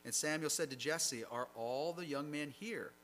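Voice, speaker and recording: A man's voice: on the high side, moderate pace, a bit bright, a little hiss or hum, low-quality recording. A man preaching a sermon, reading scripture aloud and explaining it in a conversational way. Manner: reads passages aloud then comments conversationally.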